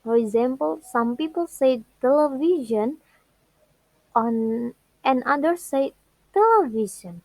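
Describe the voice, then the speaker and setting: Slow, careful young Indonesian woman. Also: a little high, vocal fry, no echo, low-quality recording. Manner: slow careful reading with repeated words and restarts. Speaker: student. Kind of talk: pronunciation practice recording.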